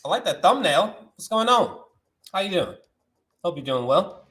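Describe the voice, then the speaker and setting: A man's voice: high voice, very animated, moderate pace, a bit bright, reverberant, soft background music, rough recording. A young man hosting a movie news stream, ranting in a loose, slangy, profane way, his voice leaping up when he gets worked up. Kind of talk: animated live-stream rant.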